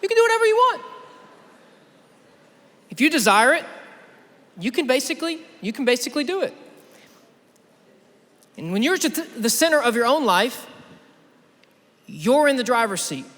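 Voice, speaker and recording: A young man preaching at a youth conference, telling a lively story and talking straight to the crowd. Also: very high voice, normal speed, long pauses. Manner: energetic storytelling, addresses the crowd directly. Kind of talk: sermon. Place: large church auditorium. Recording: long hall reverb.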